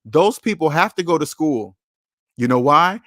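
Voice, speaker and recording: A man's voice: on the high side, lively intonation, normal speed, a bit bright, no echo, studio quality. Blunt, preachy man hosting a money stream. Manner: blunt, preachy, repeats key phrases for emphasis. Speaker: personal finance channel host. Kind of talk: livestream talk answering chat.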